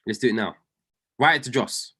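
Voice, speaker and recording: A man's voice: medium pitch, a little fast, sharp tone, husky. A man coaching a group of traders on a video call. He speaks with fervent conviction, repeats key lines for emphasis, and calls people by name. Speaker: trading coach.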